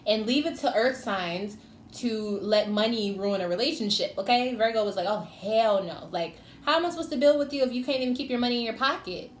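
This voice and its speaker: A woman's voice: fairly high pitch, fairly quick. A woman giving a casual tarot reading, chatty and teasing, talking straight to the signs she reads for. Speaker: tarot reader. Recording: echoey room with faint noise.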